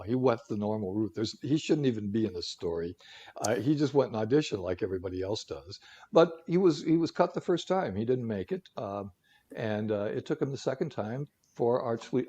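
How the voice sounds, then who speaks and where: A man's voice: mid-range voice, mellow, husky. A man co-hosting a talk show who tells stories casually, with jokey asides and lots of fillers. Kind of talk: casual storytelling segment.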